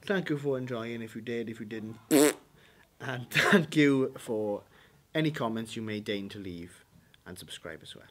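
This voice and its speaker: A young man with a Welsh accent delivering a comic vlog monologue in a deadpan, sarcastic-sounding tone. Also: fairly low pitch, fairly quick. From Wales. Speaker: vlogger.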